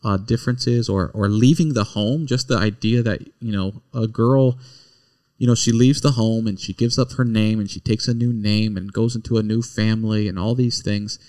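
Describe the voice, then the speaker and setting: A man's voice: on the low side, steady tone, moderate pace, darkish tone. A middle-aged man from Kentucky chatting casually with his wife, telling stories in a rambling, self-correcting way. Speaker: podcast co-host, husband. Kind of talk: casual chat.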